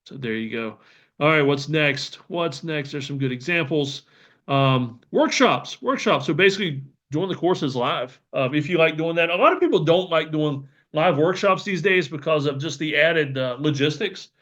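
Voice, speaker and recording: A man's voice: a little high, moderate pace, a bit bright. Man, podcast host, casual and upbeat, somewhat muffled audio. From Southern United States. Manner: chatty, enthusiastic, many fillers and restarts. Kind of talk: casual solo podcast talk. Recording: slightly dull lo-fi audio.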